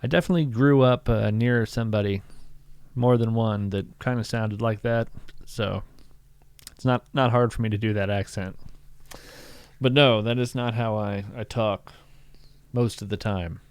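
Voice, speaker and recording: Streamer guy musing w dry humor, gravelly voice, dry close sound. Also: on the low side, steady tone, moderate pace, no echo. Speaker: game streamer. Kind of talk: casual game stream chat.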